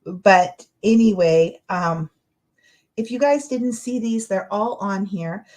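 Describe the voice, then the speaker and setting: A woman's voice: mid-range voice, slow, a little mellow. A middle-aged woman hosting a casual livestream, rambling and encouraging, with lots of fillers. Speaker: livestream host. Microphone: webcam or computer mic, livestream.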